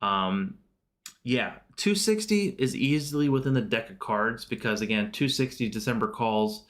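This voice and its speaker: A man hosting a relaxed live market stream, with a voice of ordinary middle pitch. He talks loosely and informally, often pausing on "um" and "uh" and correcting himself mid-sentence as he walks through charts and answers viewers. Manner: loose and chatty, many fillers and self-corrections; answers viewer chat questions. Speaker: livestream host. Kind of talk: casual live stock market commentary.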